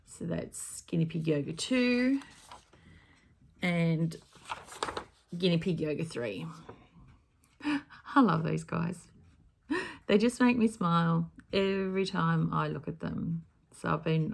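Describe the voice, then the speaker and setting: A woman's voice: low-pitched, gravelly. A woman chatting casually in her home craft room as a cross-stitch vlogger, rambling and often correcting herself. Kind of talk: casual chat.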